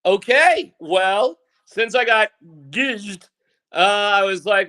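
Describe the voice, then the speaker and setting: Man, veteran sports radio guest, high voice, bright and sharp tone, jokey and animated. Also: takes it slowly. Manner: animated, jokey, acts out his own reactions. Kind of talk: casual sports chat.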